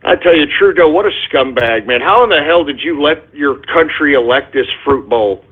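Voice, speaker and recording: A man hosting a talk radio show, ranting in a raised, husky voice. He talks crudely and worked up, tossing out "you know" and "all right?" between jabs. The sound is thin and tinny, like a phone line. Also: fairly high pitch, lively intonation, moderate pace. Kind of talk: solo talk radio rant with listener shout-outs.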